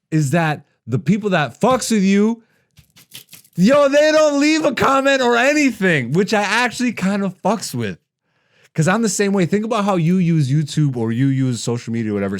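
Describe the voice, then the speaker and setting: A man in his thirties hosting a comedy podcast, ranting with heavy profanity and mockery, dropping to low mutters and rising to loud animated bursts. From Ethiopian heritage.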